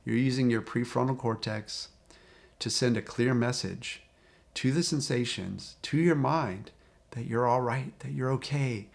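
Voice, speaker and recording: A man speaking as a recovery coach, talking straight to the viewer in a calm, repetitive, encouraging way. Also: medium pitch, measured pace, creaky. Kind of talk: direct-to-camera coaching talk.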